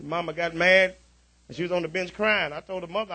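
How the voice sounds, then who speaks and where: A man preaching a revival sermon in a church, using call-and-response and breaking into shouts. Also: sits high, fairly quick. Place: church sanctuary.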